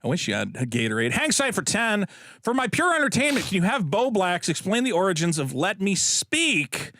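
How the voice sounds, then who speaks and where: A man co-hosting a podcast, reading out super chats with quick, crude, jokey banter. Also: high voice, big pitch swings, bright, forceful tone, no echo, clean studio sound. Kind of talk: casual podcast chat.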